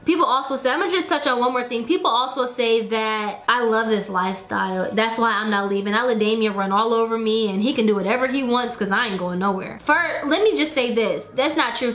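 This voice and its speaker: A woman's voice: a little high, a little fast, hardly any pauses, fairly bright tone. A young woman and mother talking earnestly on a casual vlog, defending herself and holding back tears. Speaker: YouTuber, mother of three. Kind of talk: emotional casual vlog talk. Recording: echoey room with faint music.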